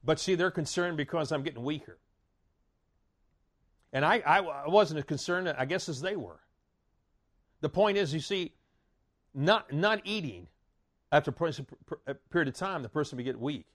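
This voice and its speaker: Preacher man, folksy, stammers and restarts, then declares loudly; slightly high-pitched. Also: animated, moderate pace, long pauses. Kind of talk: sermon.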